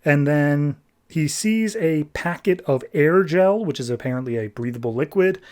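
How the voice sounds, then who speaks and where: A man's voice: on the high side, animated, normal speed, darkish tone. A young man hosting a podcast, recapping a comic book in a loose, chatty way and acting out characters' lines. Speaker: podcast host.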